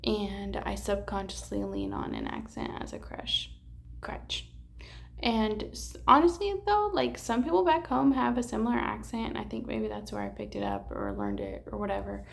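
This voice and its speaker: Tired young woman, gravelly rambling chat. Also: mid-range voice, huge pitch swings, normal speed. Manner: rambling, candid, swears, many fillers and restarts. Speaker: vlogger. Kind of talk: casual chat to camera.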